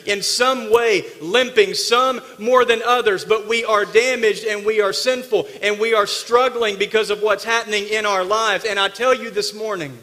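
A man preaching a sermon, his voice high and bright with a sharp edge. He swings from forceful bursts to quiet, intimate asides. The sound carries a long echo, as if it fills a church hall. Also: fairly even intonation, moderate pace, hardly any pauses. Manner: emphatic preacher, swinging between loud bursts and hushed asides. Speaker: pastor. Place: church sanctuary.

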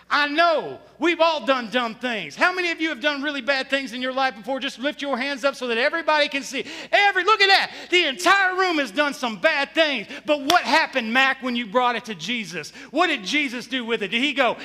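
High-voiced man preaching loudly. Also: animated, moderate pace, few pauses. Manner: preaching with loud shouted bursts. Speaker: pastor. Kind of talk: sermon. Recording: long hall reverb.

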